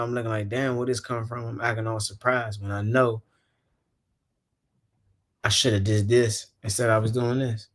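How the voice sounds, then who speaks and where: A man hosting a casual podcast, his voice sitting at an ordinary middle pitch. He talks in a loose, rambling, laid-back way and laughs easily between thoughts. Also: fairly bright tone. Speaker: podcast host.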